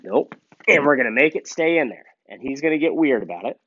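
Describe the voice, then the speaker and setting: A man training a gun dog and explaining each step casually, breaking off for sharp commands to the dog. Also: medium pitch, animated, a little fast, lo-fi sound. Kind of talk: hands-on training demonstration.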